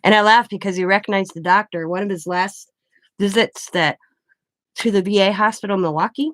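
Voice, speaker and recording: A woman's voice: medium pitch, brisk, dry recording. A woman in her forties, a craft channel host, telling a rambling family story in casual chat. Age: 40s.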